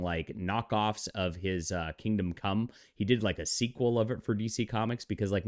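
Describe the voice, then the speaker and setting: A man with a fairly low voice delivers a heated commentary rant, mocking and scoffing as he goes. He rambles, restarting his sentences with frequent "uh"s. The recording is dry and close, with no room sound. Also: dry recording. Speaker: channel host and comic commentator. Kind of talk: ranting commentary vlog.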